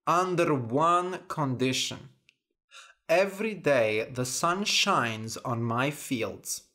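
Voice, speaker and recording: A grumpy little mountain fairy, voiced by a man reading a storybook, gruff and sardonic. He drawls slowly, scorn in every word. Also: a little high, expressive, sharp tone, full character voice. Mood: mocking. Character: small grumpy male mountain fairy, mocking.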